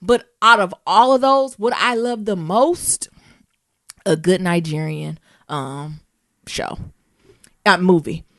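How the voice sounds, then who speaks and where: An American woman co-hosting a podcast in casual chat, slangy and animated, laughing often and spelling words out. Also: on the low side, slow pace, pauses often, no echo, clean studio sound. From United States. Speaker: podcast co-host.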